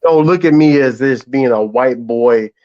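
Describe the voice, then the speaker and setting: Speaking unhurriedly in a medium-pitched, darkish voice, a Southern American panel caller on a live stream brags, swears and laughs often in casual chat. The audio has its highs cut off.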